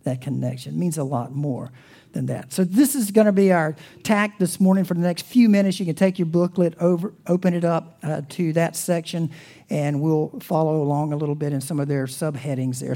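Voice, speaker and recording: A man preaching a sermon as pastor, swinging from loud emphasis to hushed, almost whispered lines, and closing in soft, reverent prayer. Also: on the high side, steady tone, normal speed, gravelly.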